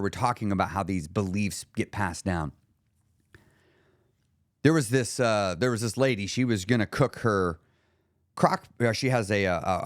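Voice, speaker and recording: A weight-loss coach hosts a podcast in a lowish voice, recorded with clean studio sound and no room sound. He tells stories in a casual, conversational, motivational way, swearing now and then.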